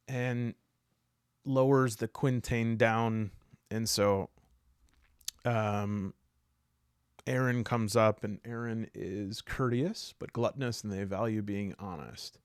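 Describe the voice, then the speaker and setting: A man's voice: fairly low pitch, steady tone, slow pace, pauses often, clear, resonant tone, no room sound, studio quality. A man playing a tabletop game solo, chatting casually and rambling with humorous asides.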